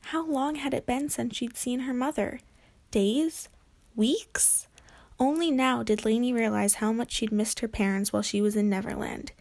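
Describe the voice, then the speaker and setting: A woman reads a children's chapter book aloud. Her storytelling is gentle and clear, in a fairly high voice. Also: steady tone, moderate pace. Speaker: narrator.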